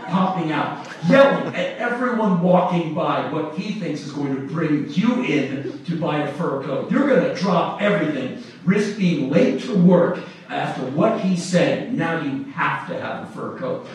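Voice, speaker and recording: A middle-aged man telling a story live to an audience, animated and laughing through his telling. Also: fairly high pitch, unhurried. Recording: echoey room from far off with noise.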